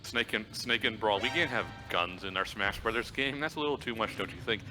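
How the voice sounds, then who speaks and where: Fast-talking low-voiced young man. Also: music in the background. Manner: dry joking banter. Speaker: charity stream co-commentator. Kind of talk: casual commentary.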